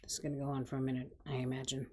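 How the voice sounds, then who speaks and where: A woman's voice: very deep voice, completely flat delivery, rapid-fire, a little mellow, slightly rough. A woman hosting a live stream, making wry, offhand commentary. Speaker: stream host.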